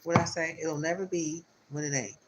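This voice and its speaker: A man's voice: a little high, fairly even intonation, moderate pace, heavy background noise. A man giving a spiritual tarot reading on a live stream, talking in loose, repetitive, encouraging circles. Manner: rambling, repetitive, spiritual pep talk. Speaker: tarot reader.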